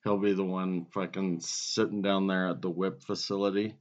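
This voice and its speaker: A man's voice: sits low, level tone, normal speed. A man co-hosting a podcast, chatting casually and swearing often. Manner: laid-back, swears often. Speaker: podcast co-host. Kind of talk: casual profane chat. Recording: muffled lo-fi podcast audio.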